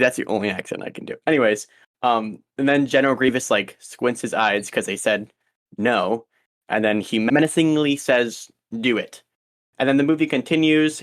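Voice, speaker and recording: A young man co-hosting a podcast, chatting casually and rambling with frequent ums and restarts. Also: mid-range voice. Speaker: podcast co-host. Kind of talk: casual chat.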